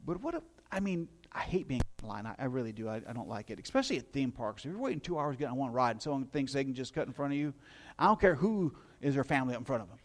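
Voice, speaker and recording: A man's voice: mid-range voice, sing-song, very fast. A middle-aged male pastor preaching a sermon in a conversational storytelling way, with asides to his listeners.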